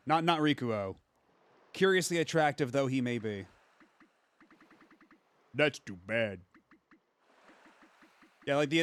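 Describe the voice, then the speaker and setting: A man casually commenting while he plays a fishing game on a stream, thinking aloud with quick asides. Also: mid-range voice, animated, fairly bright tone.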